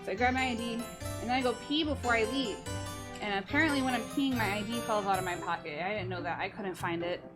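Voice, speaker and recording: A woman's voice: medium pitch, fast talker. A woman in her early twenties, a streamer rambling through a story to her chat and swearing freely as she goes. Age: early 20s. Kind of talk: casual live-stream chat. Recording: voice over loud background music. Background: music playing under the talk.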